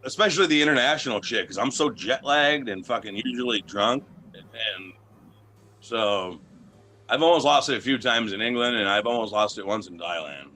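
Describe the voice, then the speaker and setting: A man's voice: mid-range voice, moderate pace, bright, forceful tone. A man being interviewed as a wrestling champion, talking in a brash, boastful, profane way and telling stories casually.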